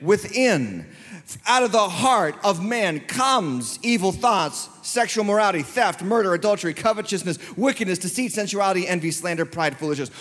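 High-voiced pastor preaching in echoing hall. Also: male voice, expressive, a bit bright. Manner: call-and-response, quickening and slowing for emphasis. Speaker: lead pastor. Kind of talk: sermon. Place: church sanctuary. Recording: long church hall reverb.

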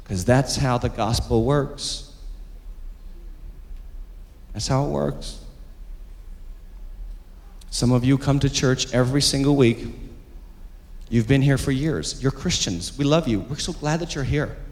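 A man's voice: mid-range voice, slow pace, long pauses, darkish tone. A man preaching a sermon as pastor, with emphatic, repetitive delivery that calls for the congregation to respond. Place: church sanctuary. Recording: long reverb of a church hall.

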